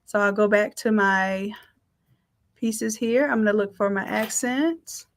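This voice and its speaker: A woman's voice: mid-range voice, measured pace, slight background noise. A woman teaching a live design class, talking in an upbeat, chatty way and thinking aloud as she works. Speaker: design instructor. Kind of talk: live software tutorial.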